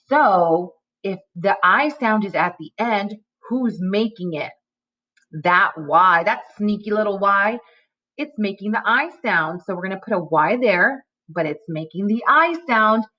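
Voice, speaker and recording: A woman teaching a phonics lesson to young children, drawing out each sound slowly in a sing-song way. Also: medium pitch, bright, forceful tone, dull audio.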